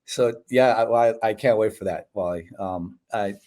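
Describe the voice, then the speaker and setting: A man's voice: on the low side, moderate pace. A man in his forties, a guest telling his story in a casual interview over a video call, acting out voices and saying "bro" and "man". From United States (Chicago). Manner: animated storyteller, acts out quoted dialogue, says "bro" and "man". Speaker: podcast guest.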